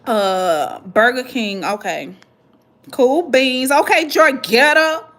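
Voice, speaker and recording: A woman hosting a vlog, chatting casually and reading viewer comments, animated and dramatic with slangy asides. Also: sits high, takes it slowly. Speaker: vlog host answering viewer questions.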